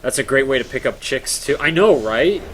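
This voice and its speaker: A man's voice: mid-range voice, lively intonation, normal speed, fairly bright tone, rough recording. A young man chats casually while streaming a game at home, rambling from joke to joke and answering his viewers. His voice sits in a middling range. A faint hiss of background noise runs under the recording. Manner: rambling, joking, reads chat aloud. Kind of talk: casual live-stream chat while gaming.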